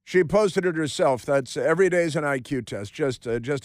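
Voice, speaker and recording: A man's voice: on the high side, moderate pace, dry recording, clean studio sound. Sarcastic male talk radio host. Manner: sarcastic, mocking, repetitive asides. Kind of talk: opinionated talk radio monologue. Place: radio studio. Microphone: studio microphone.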